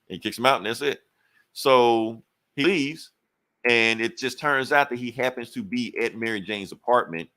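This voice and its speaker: A man casually recapping a comic book issue on a podcast, acting out the characters' lines in quick voices and swearing freely. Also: medium pitch, bright, forceful tone. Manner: profane, loose and conversational. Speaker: podcast co-host.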